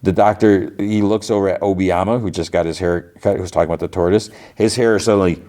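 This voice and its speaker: Very low-voiced man recapping casually. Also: steady tone, brisk, warm tone. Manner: rambling, full of "like" and restarts, acts out quotes. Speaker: podcast host.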